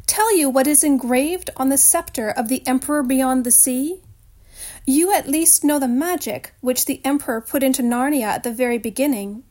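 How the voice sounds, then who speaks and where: A woman's voice: high voice, a little mellow. A woman reading aloud, voicing a cruel witch queen in an icy, demanding, scornful way.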